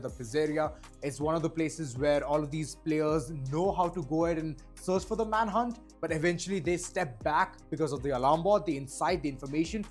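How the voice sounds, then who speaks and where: A man casting an esports match, energetic play-by-play commentary. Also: on the high side. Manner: energetic, building hype. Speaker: esports caster.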